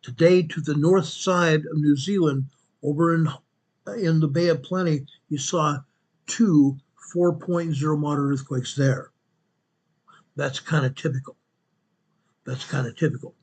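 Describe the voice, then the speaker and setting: Man, fairly high voice, earthquake map report, repeats numbers, self-correcting. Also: steady tone, measured pace, long pauses, darkish tone, husky. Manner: repetitive, restates each quake figure; corrects himself mid-sentence. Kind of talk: narrating a map-based earthquake update.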